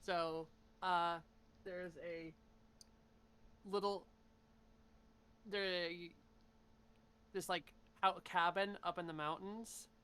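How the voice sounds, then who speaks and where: A player with a bright, smooth and clear voice describes a scene in a loose, rambling way, full of uhs and likes. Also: mid-range voice, steady tone, very slow, long pauses. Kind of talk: casual tabletop game chat.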